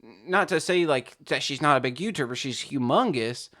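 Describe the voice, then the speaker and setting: A man's voice: mid-range voice, animated, moderate pace, a bit bright. A man hosting a reaction video, rambling through casual commentary full of restarts and fillers.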